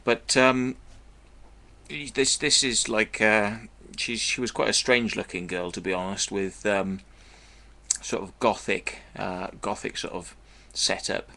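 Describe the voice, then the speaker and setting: Blunt vlogger, low bright voice, profane meandering storyteller. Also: male voice, flat delivery, takes it slowly, creaky. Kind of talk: casual storytelling monologue.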